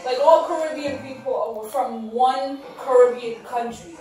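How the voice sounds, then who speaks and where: A woman's voice: high-pitched, normal speed, mellow, faint music behind. Exasperated woman off-mic, echoey. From Saint Vincent. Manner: exasperated, teasing back. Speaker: partner off camera. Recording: echoey and distant.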